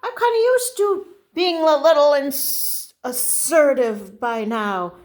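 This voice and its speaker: An older woman telling a casual rambling story to camera, halting and restarting often. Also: high-pitched. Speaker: vlogger.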